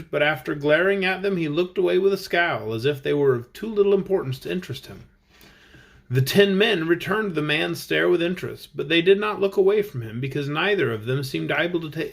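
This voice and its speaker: Man, storybook reader, animated pitch, a bit husky, higher voice. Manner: lively storybook reading with voices. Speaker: audiobook reader. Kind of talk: reading a children's book aloud.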